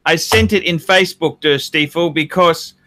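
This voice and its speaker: A man's voice: on the high side, moderate pace, pushed and bright. A man co-hosting a casual livestream, with stammering restarts and joking banter. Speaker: co-host of a watch livestream.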